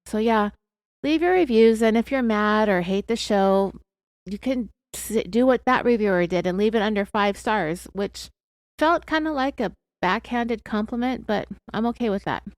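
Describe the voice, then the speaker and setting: A woman's voice: mid-range voice, moderate pace, no room sound, clean studio sound. A woman hosting a true crime podcast, talking in a candid, confessional, chatty way with plenty of fillers while fighting off hiccups. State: has hiccups. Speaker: podcast host.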